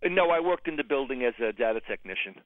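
A man's voice: mid-range voice, animated, fast talker, dry recording, phone-quality sound. A man in his sixties with a New York accent, a caller chatting casually and chuckling often. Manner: chuckling, easygoing. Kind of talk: casual phone-in chat.

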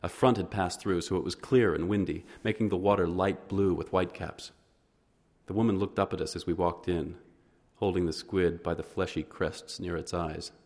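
A man with a very deep voice reads a first-person story aloud. His delivery is measured and understated, lingering on descriptive passages. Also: fairly even intonation, darkish tone. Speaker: narrator. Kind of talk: audiobook narration, first person.

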